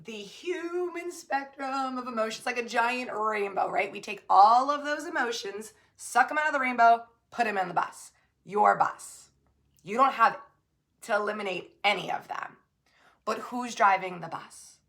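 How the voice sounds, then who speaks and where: Spiritual coach lady talking to camera, bright voice, chatty, lots of like and right?, loud bursts then soft asides. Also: a little high, unhurried, gravelly. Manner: chatty and emphatic, calls the listener babe and my love; many fillers and tag questions, swinging between loud bursts and soft asides. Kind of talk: casual motivational talk to camera.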